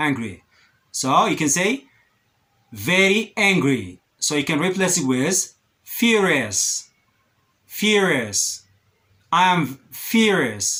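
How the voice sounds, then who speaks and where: A quick-talking man gives an English vocabulary lesson. His fairly high voice rises and falls a lot as he stresses each example word. He slows right down to repeat the words, then speeds up again to explain them. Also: fairly bright tone. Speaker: English teacher. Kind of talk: vocabulary lesson, switching between English and Amharic.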